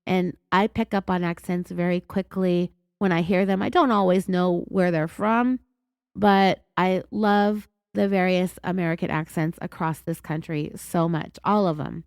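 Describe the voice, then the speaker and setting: A woman with a California accent hosting a true crime podcast, raspy from being sick, telling the story in an indignant, sarcastic way. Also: lowish voice, steady tone, measured pace, darkish tone, no room sound, clean studio sound. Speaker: podcast host.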